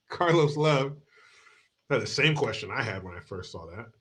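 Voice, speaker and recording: A man's voice: mid-range voice, fairly bright tone. A man from the United States hosting a podcast, giving crude, mocking commentary and laughing often. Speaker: host.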